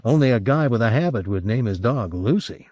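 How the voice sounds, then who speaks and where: A man's voice: mid-range voice, expressive, brisk, a little mellow, dry recording, close to an everyday voice. A man voicing a crude, mocking male crew member in an audiobook. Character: loose-talking male photographer's assistant, crude and mocking. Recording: dull lo-fi cassette recording.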